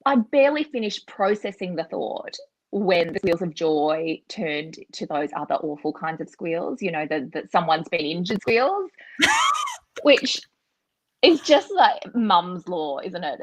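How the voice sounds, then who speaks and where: A woman in her forties tells a lively anecdote, her pitch leaping and falling freely. She breaks into laughter mid-sentence. The sound is close and dry, with no room around it. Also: no echo, low-quality recording. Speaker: guest author. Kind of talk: conversational storytelling.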